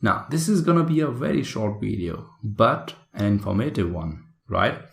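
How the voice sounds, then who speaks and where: A man's voice: lowish voice, expressive, moderate pace, vocal fry. A man teaching an exam-prep lesson in a chatty way, often checking in with "right?" and "okay?". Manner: chatty, frequent tag questions like "right?" and "okay?". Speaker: IELTS instructor. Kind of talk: recorded online lesson. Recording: echoey room.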